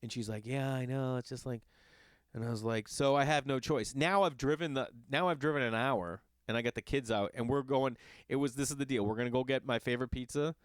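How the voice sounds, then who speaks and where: A man who is a father, hosting a podcast and telling a long casual story in an animated, exasperated and profane way. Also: medium pitch, fairly quick, smooth, dry recording. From Los Angeles area. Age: adult with children. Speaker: podcast host.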